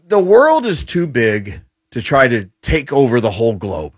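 Man, husky voice, lively pitch, guest commentator, rambling explainer. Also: brisk, no room sound. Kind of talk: casual political talk.

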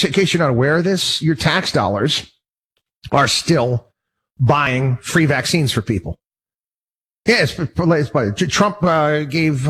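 Husky-voiced man ranting, many restarts. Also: fairly high pitch, a bit bright. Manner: rambling, with many restarts and repeated words; indignant and worked up. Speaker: radio talk show host. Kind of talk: casual monologue.

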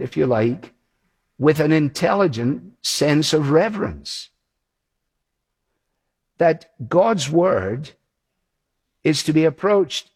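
A man's voice: on the high side, vocal fry, husky. A man preaching a sermon, earnest and emphatic, repeating his key phrases.

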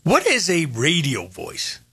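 An older man talks through a radio show with a bright, forceful edge to his husky voice. His pitch leaps around as he tells stories, doubling back on his own phrases. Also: slow pace, dry recording, studio quality. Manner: animated, storytelling, repeats phrases. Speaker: radio host. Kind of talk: casual radio chat.

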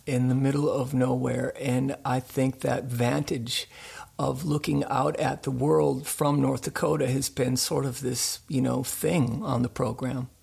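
A man from the United States who hosts a radio show, telling a story in an animated way during a radio interview. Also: mid-range voice, measured pace, vocal fry, breathy edge. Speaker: show host.

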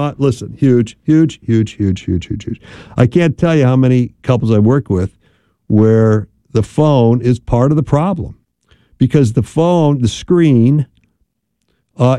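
A middle-aged man hosting a radio talk show, counseling couples in a chatty, rambling way with animated asides. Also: medium pitch, no room sound. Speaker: radio host and marriage counselor.

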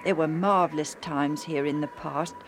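A woman's voice: sits low, moderate pace, over music. A woman voicing Joe, a bored, restless boy who grumbles and daydreams eagerly. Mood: insistent. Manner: grumbling, then wistful and excited.

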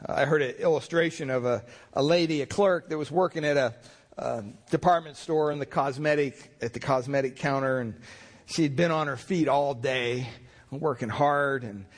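A man's voice: mid-range voice, normal speed. A male pastor preaching a sermon in a conversational, folksy manner, telling stories with fillers.

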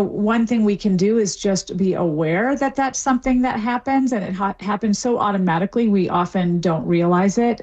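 A woman's voice: medium pitch, a little mellow. A middle-aged woman, a linguistics professor, explaining fluently as a guest on a radio interview, with small restarts.

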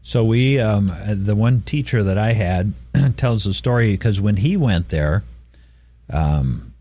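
A man's voice: lowish voice, lively intonation, takes it slowly, mellow, no echo. A middle-aged man hosting a radio show, telling an easygoing story in casual chat and chuckling often.

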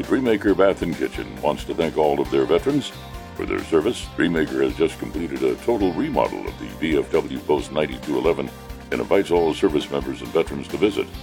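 A male radio host reading station news and telling a joke with animated character voices. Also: very deep voice, gravelly.

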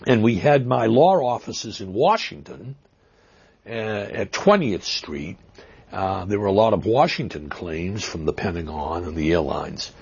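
A man with a Boston accent answering interview questions, halting with fillers and restarts, stressing words with emphasis, heard on dull lo-fi audio. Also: on the low side, expressive, gravelly, husky. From Massachusetts. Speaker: interview guest.

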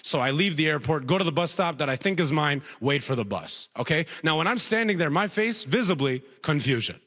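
A man's voice: a little high, a little fast. A man performing stand-up comedy, telling a story and checking in with "right?" often. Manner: animated, frequent rhetorical "right?".

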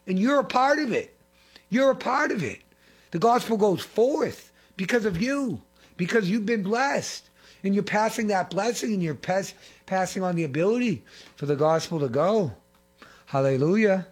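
A middle-aged man preaching a fervent sermon, repeating phrases and swinging between loud and hushed. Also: sits high, animated, normal speed, husky. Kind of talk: impassioned sermon.

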